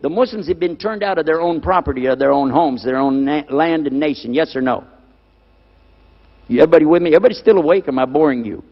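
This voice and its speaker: High-voiced male preacher in an echoing hall. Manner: emphatic, repeats key words, asks the audience questions. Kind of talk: lecture on scripture to a live audience. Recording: dull lo-fi recording with long hall reverb.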